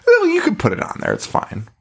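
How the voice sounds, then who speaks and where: A man's voice: high voice, creaky, breathy edge. Sarcastic swearing male podcast host. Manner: sarcastic, swears a lot, laughs often. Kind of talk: casual podcast chat recapping a movie.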